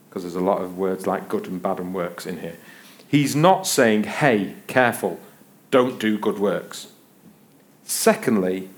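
A middle-aged man preaching a sermon, telling a self-mocking story with playful humor before teaching from a Bible passage. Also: fairly low pitch.

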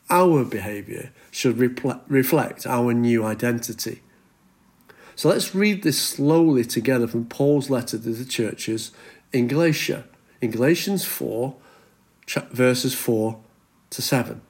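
Male pastor, middle-aged, earnest sermon delivery, average pitch, deliberate pauses on key phrases. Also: lively intonation, darkish tone. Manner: earnest, slows down for emphasis when reading scripture.

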